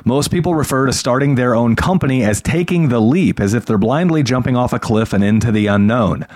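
A man's voice: mid-range voice, a little fast, darkish tone, no room sound, studio quality. A man hosting a podcast, joking and laughing often in casual banter. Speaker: podcast host. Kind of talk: casual chat.

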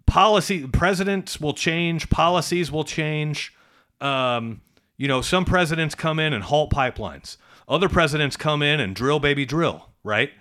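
A man's voice: on the high side, fairly bright tone. A middle-aged man co-hosting a casual business podcast, talking emphatically and tagging points with "right?". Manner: conversational, emphatic, rhetorical "right?" tags. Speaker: podcast co-host, trades business coach.

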